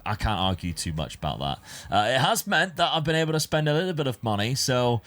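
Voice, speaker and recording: A man's voice: mid-range voice, sing-song, fast talker, fairly bright tone, soft background music. A man giving casual, rambling commentary on his football management game. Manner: chatty, rambling, self-correcting. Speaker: gaming YouTuber.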